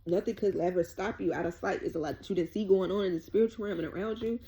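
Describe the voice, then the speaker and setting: A woman's voice: medium pitch, fast talker, warm tone. A woman giving a rambling, colloquial tarot reading, emotional and tearful at times. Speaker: tarot reader.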